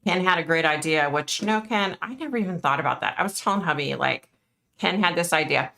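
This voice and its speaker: A woman's voice: lowish voice, expressive, fairly quick, gravelly, bright, forceful tone. A middle-aged woman, a psychic medium, hosting a casual live stream and chatting frankly with her viewers, full of "like" and "you know".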